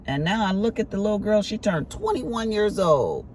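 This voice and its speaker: A middle-aged woman talks casually to her viewers, her pitch swinging widely as she tells stories. She jumps into loud, exclaimed quotes of herself scolding her grown children. A faint hiss of noise sits behind her voice. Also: moderate pace. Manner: animated storytelling with sharp exclaimed quotes. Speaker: vlogger. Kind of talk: casual chat to camera.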